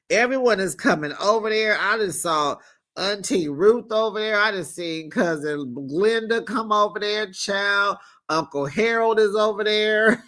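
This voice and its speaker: A man hosting a casual reality TV recap, telling the story in an animated, sassy way and acting out the quotes. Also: high voice, measured pace. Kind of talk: casual gossip recap commentary.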